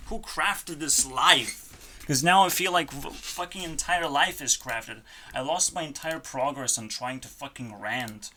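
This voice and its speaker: A channel host at a home computer desk, delivering a frustrated rant full of swearing that swings between loud outbursts and quiet muttering. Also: medium pitch, animated, measured pace. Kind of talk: ranting vlog.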